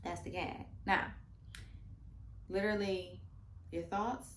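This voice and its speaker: A woman vlogger giving casual, playful meditation advice, full of slang, swinging from lively bursts to soft murmurs. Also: lowish voice, slow, slight background noise. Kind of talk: casual instructional talk. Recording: roomy room echo.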